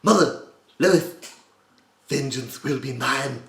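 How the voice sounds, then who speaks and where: A man putting on the voice of a scheming, haughty baby boy with a nasal British accent and no gravel. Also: medium pitch, slow, a bit bright, echoey room, voice pushed up. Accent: British (put on).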